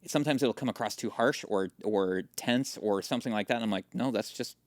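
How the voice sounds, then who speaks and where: A man with a lowish voice co-hosting a casual podcast chat. He tosses in dry jokes at his own expense. The recording is close and dry. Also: brisk, no room sound. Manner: dry, self-deprecating asides. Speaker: podcast co-host.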